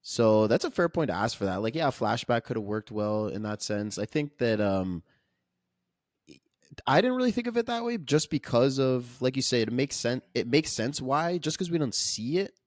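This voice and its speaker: A man's voice: medium pitch, sing-song, normal speed, no room sound, studio quality. A man co-hosting a podcast, chatting casually and thoughtfully about a film, hedging his points with lots of "like". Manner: thoughtful, hedging, many fillers. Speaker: podcast co-host. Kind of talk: casual film review chat.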